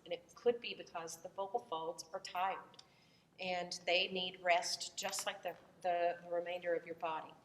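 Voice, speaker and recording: Southern lady voice teacher lecturing, lots of ums and restarts, faint room hum, roomy echo. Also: fairly low pitch. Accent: Southern American. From American South. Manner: conversational, unhurried, with frequent fillers and restarts. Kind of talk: recorded lecture. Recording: echoey room, voice from far off the mic.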